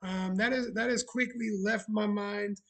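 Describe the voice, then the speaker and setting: A man's voice: high-pitched, steady tone, a little slow, a bit bright, poor audio. A man chatting casually on a live stream, sarcastic and talkative, greeting viewers as he goes. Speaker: streamer running a bar roleplay channel.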